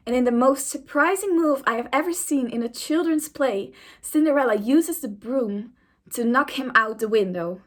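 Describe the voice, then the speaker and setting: A woman's voice: on the high side, fairly bright tone. A young woman and YouTuber reading an AI-written story aloud in a casual, amused way.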